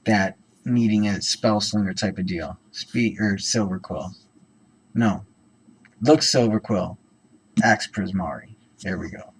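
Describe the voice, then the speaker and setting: A man with a lowish voice, heard on a low-quality recording, hosts a card-opening channel. He talks casually through the cards one at a time, rambling with plenty of ums and self-corrections.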